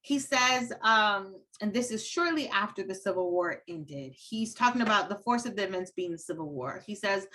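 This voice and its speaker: A woman giving an academic lecture over a video call, animated, laughing often and paraphrasing historical figures aloud. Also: medium pitch, normal speed, few pauses. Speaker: guest lecturer. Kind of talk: academic lecture at a virtual event. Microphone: computer mic on a video call.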